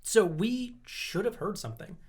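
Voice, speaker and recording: A man's voice: high-pitched, expressive, normal speed, slightly rough. A man co-hosting a casual podcast, explaining at length, laughing often and swearing casually. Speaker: podcast co-host. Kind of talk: casual chat.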